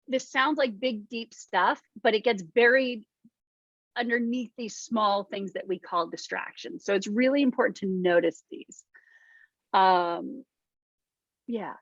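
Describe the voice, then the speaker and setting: A woman's voice: fairly high pitch, no room sound. A woman life coach leading a small workshop in a chatty, casual way, with many ums and little acted-out quotes. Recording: dull lo-fi dry sound.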